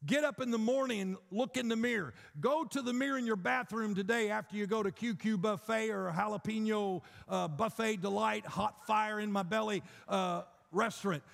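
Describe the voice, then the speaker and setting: A man's voice: high voice, steady tone, moderate pace, gravelly, hardly any pauses, a bit bright. A man preaching a sermon, emphatic and rhythmic, building through repeated phrases to bold declarations. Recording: long hall reverb.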